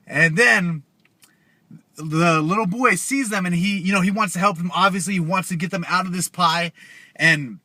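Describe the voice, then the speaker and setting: A man's voice: high voice, normal speed, pushed and bright, dry recording. A young man telling a scary story casually to his viewers, loose and chatty with slang asides. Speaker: YouTuber.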